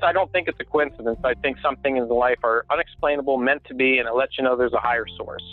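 Style: rich. A chatty, self-described wacky man tells long, rambling stories and laughs often, his voice pitched a little high for a man. He comes through a thin, tinny phone line, with faint music playing underneath. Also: quick pace, no room sound. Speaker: guest sand sculptor and carver. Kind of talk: casual storytelling interview.

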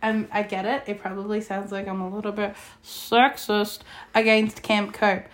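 A young Australian woman co-hosting a casual podcast from her lounge room, chatty and quick to laugh. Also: medium pitch, flat delivery. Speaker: podcast co-host. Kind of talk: casual chat.

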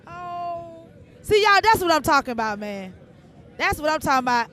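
A man hosting a live outdoor bike night, excitedly giving repetitive shout-outs. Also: very high-pitched, normal speed. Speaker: show host. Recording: crowd noise behind, outdoors.

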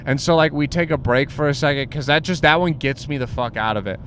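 A man's voice: a little high, brisk, fairly bright tone, a little hiss or hum. A young man casually telling a crude personal story, rambling with lots of "like" and "bro". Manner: rambling, filler-heavy, says "like" and "bro" constantly.

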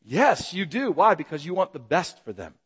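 A man preaching a sermon, asking the congregation rhetorical questions and acting out calls and shouts. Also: fairly high pitch, very animated, moderate pace, husky, in a large hall. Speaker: pastor.

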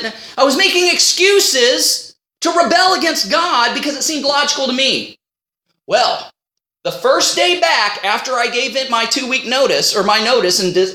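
A man's voice: extremely high pitch, pushed and bright. A man preaching a sermon as a minister, telling stories and acting out his own past conversations. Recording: roomy echo.

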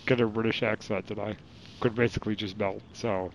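A man's voice: lowish voice, level tone, brisk, a crowd in the background. A man co-hosting a fan podcast in casual chat, dropping short joking remarks. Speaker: podcast co-host. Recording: muffled lo-fi audio.

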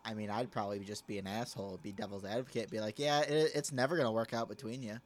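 A man's voice: lowish voice, fairly even intonation, fast. A man co-hosting a podcast, throwing in short dry remarks during casual chat. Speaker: podcast co-host.

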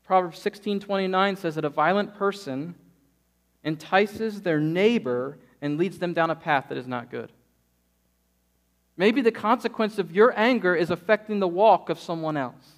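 A man in his thirties preaching a sermon, telling stories and acting out quotes with lively energy. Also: sits high, normal speed. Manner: lively storytelling, acts out quotes. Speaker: pastor.

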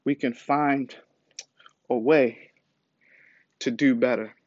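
A man preaching a sermon with measured, emphatic repetition and frequent pauses and fillers. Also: mid-range voice, steady tone, no room sound, dull audio.

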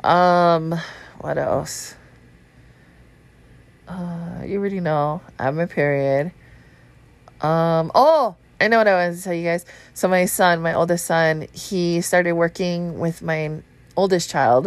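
A woman's voice: fairly low pitch, a little slow. A woman, congested and short of breath, rambling through a casual astrology chat and swearing freely. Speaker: podcast host.

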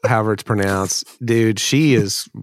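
A man's voice: on the low side, moderate pace, dry recording, studio quality. A man co-hosting a podcast, chatting in a laid-back way, calling people dude and man. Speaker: podcast co-host. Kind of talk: casual chat.

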